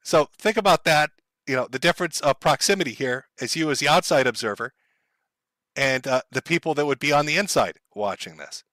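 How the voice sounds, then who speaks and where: Man, stream host, blunt profane commentary, higher voice, sharp bright tone, dry close sound. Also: expressive, brisk, dry recording.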